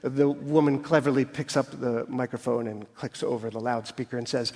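A man's voice: mid-range voice, flat delivery, moderate pace, darkish tone. A man preaching an expository sermon, explaining scripture with everyday stories and acting out quoted voices with rising emphasis. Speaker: pastor. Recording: long hall reverb.

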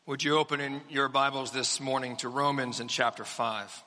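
Bright-voiced pastor preaching in a reverberant church. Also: male voice, medium pitch, steady tone. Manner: measured, emphatic preaching with repetition. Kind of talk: sermon. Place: church sanctuary.

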